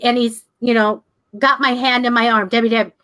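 Older female co-host, slightly high voice, animated storyteller who mimics other people's voices and laughs a lot. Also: moderate pace. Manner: animated, acts out voices in her anecdotes, laughs often. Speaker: psychic radio show co-host. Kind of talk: casual storytelling chat.

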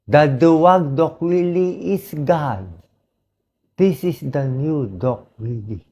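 A hoarse man with a Filipino accent, a doctor speaking in an emotional personal vlog, talking slowly and pleadingly. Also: on the high side, dark tone. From Philippines. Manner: slow, pleading, mixes English and Tagalog. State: hoarse, voice dried out.

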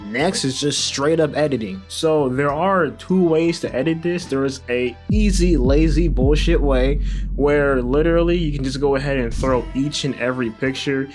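A man's voice: mid-range voice, moderate pace, a little mellow, soft background music. A young man hosting a casual video editing tutorial from his living room, slangy, profane and joking.

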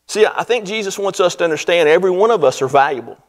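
High-voiced man preaching a sermon. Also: expressive, quick pace. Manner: earnest preaching with swelling emphasis. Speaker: pastor. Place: church sanctuary.

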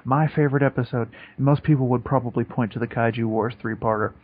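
A husky-voiced man chats casually as a podcast co-host, rambling and getting excited, with the odd swear. His voice sits at an ordinary pitch. The recording sounds dull and lo-fi. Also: fast. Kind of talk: casual chat.

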